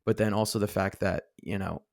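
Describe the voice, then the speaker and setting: A man's voice: low-pitched, fairly even intonation, brisk, vocal fry, no room sound, studio quality. A man co-hosting a casual podcast, rambling with lots of filler words and restarts. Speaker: podcast co-host. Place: studio seated across from co-host.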